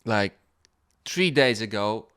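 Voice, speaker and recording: A man hosting a podcast, telling a personal story in a casual monologue, animated and laughing in places, quiet and reflective in others. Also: lowish voice, slow, clean tone. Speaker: podcast host.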